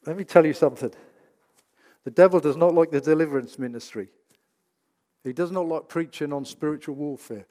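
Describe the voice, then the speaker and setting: A man's voice: on the high side, fairly quick, pauses often, warm tone. Emphatic male preacher. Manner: emphatic, rhetorical questions. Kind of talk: sermon. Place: church. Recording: reverberant church hall.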